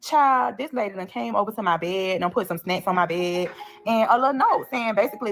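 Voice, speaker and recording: A young woman telling a story casually, animated, blunt and profane, addressing listeners as y'all. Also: medium pitch, brisk, slight background noise. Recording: played clip within livestream.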